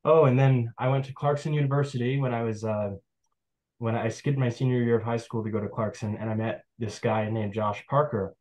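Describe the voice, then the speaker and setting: A man's voice: mid-range voice, fairly even intonation, brisk, darkish tone, low-quality recording. A young man from the Adirondacks, a forager giving a casual online presentation in a chatty, rambling storytelling way over a video call. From Adirondacks, New York.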